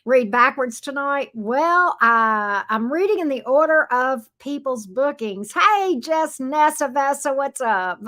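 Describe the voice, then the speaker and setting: Woman, tarot reader on a live stream, bright higher pitch, casual and chatty with lots of fillers and restarts. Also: lively intonation, takes it slowly, hardly any pauses. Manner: chatty, greets viewers by pet names, many fillers and restarts.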